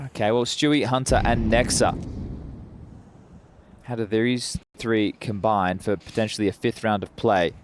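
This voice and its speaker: A man giving analytical color commentary on a live esports match, measured with dry jokes. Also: on the low side, steady tone, slight background noise.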